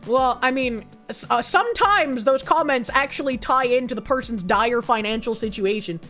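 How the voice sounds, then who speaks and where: A woman streamer chatting casually on a livestream, reading posts aloud and telling an animated story in which she acts out both sides. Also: a little high, moderate pace, soft background music.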